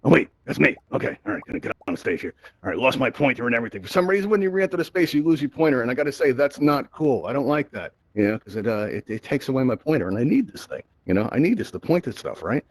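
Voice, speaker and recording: Fast-talking chatty man hosting a VR class. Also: mid-range voice, very animated, low-quality recording. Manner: chatty, upbeat, keeps asking "right?". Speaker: VR event host. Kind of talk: live virtual-reality tutorial talk. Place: virtual-reality social app, headset mic.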